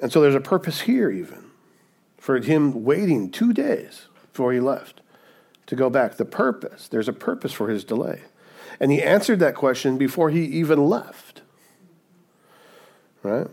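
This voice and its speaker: A man's voice: mid-range voice, big pitch swings, unhurried, creaky, long pauses, darkish tone, husky. Man preaching with conversational "right?" asides. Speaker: pastor. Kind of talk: sermon.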